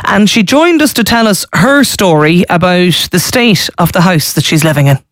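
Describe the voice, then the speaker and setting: A woman's voice: on the low side, lively intonation, moderate pace, no room sound, clean studio sound. Woman hosting talk radio. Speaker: radio host.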